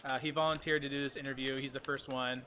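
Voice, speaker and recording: A man's voice: medium pitch, level tone, quick pace, pushed and bright, slight background noise. A man hosting a livestream, chatting casually and playfully, poking fun at himself while he plays a game. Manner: playful, self-deprecating, chatty. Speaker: host.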